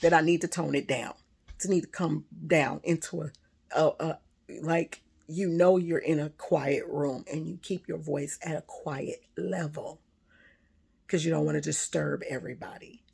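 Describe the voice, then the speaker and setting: A woman telling a personal story in a casual monologue, loud and animated, laughing often. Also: deep voice, gravelly, breathy edge. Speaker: spiritual vlogger.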